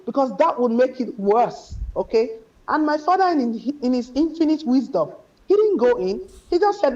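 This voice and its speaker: A woman's voice: high voice, big pitch swings, normal speed. A woman from Nigeria, an author guest, telling a story from her childhood in an interview. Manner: reflective, quotes her father warmly in a raised voice. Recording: dull lo-fi sound.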